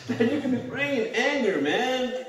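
A middle-aged man preaching a sermon as pastor, telling stories conversationally and laughing along. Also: very high voice. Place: church hall. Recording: echoey church hall, mic at a distance.

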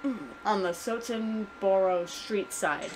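A woman's voice: medium pitch, steady tone, slow pace, slight background noise, lightly acted, poor audio. Woman doing a timid hurt delivery boy, super polite, grateful.

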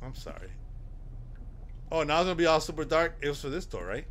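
A man's voice: on the high side, expressive, fairly quick, fairly bright tone, slight background noise. A man commentating live on a horror game, talking to his chat and yelping at scares. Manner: jumpy, talks to chat, yelps at scares. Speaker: game streamer.

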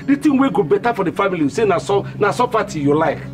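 Pushy Nigerian father, high and animated, film score under him. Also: fast, over music. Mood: coaxing. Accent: Nigerian Pidgin. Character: scheming village father, pushy. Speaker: father pressing his daughter. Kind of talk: comic film acting.

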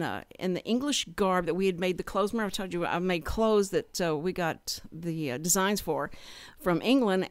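Lively older woman telling stories, dry studio. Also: on the low side, no echo. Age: 60s. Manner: animated, nostalgic storyteller with many fillers. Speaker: radio co-host. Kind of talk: casual radio chat, storytelling.

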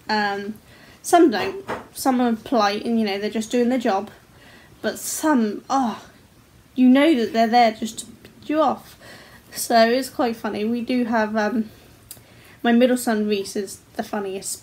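A woman in her forties, chatting casually to camera at home about her crochet, laughing often and swearing freely. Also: a little high. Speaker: crochet vlogger. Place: at home, indoors.

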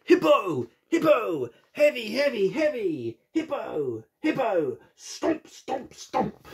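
An eager, heavy storybook hippo , put on by a man who shouts out a stomping chant. The pitch jumps high and the voice carries a gravelly, husky grain. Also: animated, slow pace, heavily acted. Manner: loud rhythmic chanting.

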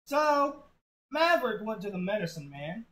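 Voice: mid-range voice, sing-song, moderate pace, a bit bright, rough recording. A storyteller giving an unpolished, crude, offhand telling of a joke story in a casual spoken way.

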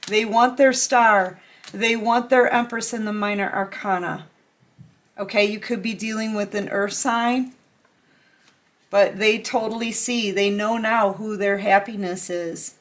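A woman's voice: mid-range voice, fairly bright tone. A woman giving a casual tarot reading to camera, chatty and emphatic, repeating herself and talking straight to the viewer. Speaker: tarot reader.

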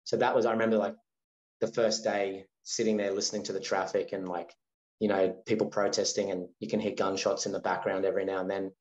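Animated Australian man telling a story. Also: sits low, fast, slight background noise. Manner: animated storyteller acting out quoted dialogue. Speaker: guest. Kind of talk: casual storytelling interview. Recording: roomy, slightly dull sound.

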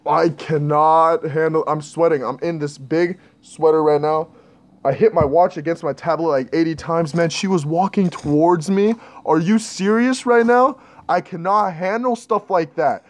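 A man's voice: fairly high pitch, steady tone, normal speed. A young man commenting on a horror game he is playing, jittery and panicky as he talks to his viewers. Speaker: gaming channel host. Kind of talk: scared horror gameplay commentary.

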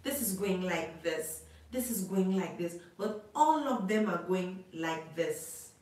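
A woman's voice: fairly low pitch, lively intonation, takes it slowly, darkish tone, very echoey, distant mic, low-quality recording. A woman preacher giving prophecy in a live prayer session, declaring, repeating phrases and praying over callers.

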